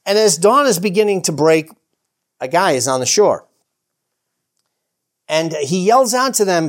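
A man teaching the Bible in a casual, animated way. He often chuckles, restarts his sentences and acts out the characters' lines. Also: fairly high pitch, normal speed, long pauses. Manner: rambling with many restarts and "you know".

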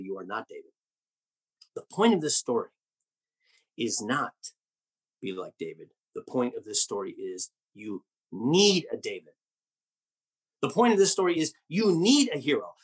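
Man preaching, husky voice, very lively pitch, animated storytelling, rhetorical questions. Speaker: pastor. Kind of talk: sermon.

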